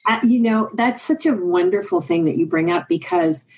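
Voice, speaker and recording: A middle-aged woman, a leadership advisor, talking as a podcast guest in an animated, emphatic storytelling way. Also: lowish voice, normal speed, low-quality recording. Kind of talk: conversational interview.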